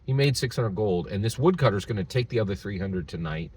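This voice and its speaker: A man voicing an upset young woman ranger in his own low, plain voice, telling her worries in a rambling way. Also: animated, a little mellow, a little hiss or hum, lightly acted. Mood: worried. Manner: rambling, halting storytelling.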